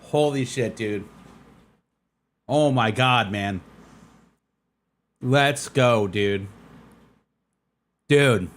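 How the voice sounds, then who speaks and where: Hyped-up guy streaming a game from his desk mic, middle-pitched voice, keeps going dude, man, let's go. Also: drawn-out words, long pauses. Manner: excitable, hypes with constant "dude" and "man". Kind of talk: live gameplay stream commentary.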